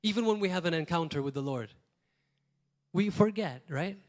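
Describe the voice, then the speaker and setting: This pastor from Malta preaches at a moderate pace with lively intonation and a darkish tone, in a voice a little high for a man. He speaks plainly and conversationally, repeating key phrases and breaking off for brief asides.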